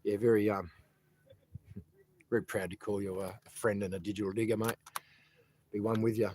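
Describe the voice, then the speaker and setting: A man's voice: lowish voice, flat delivery, moderate pace, darkish tone, a little hiss or hum, poor audio. Rambling Australian man live-streaming outdoors. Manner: rambling, repeats words, greets viewers by name. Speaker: live streamer and protest organiser. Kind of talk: casual live-stream chat. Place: outdoors on a sunny day.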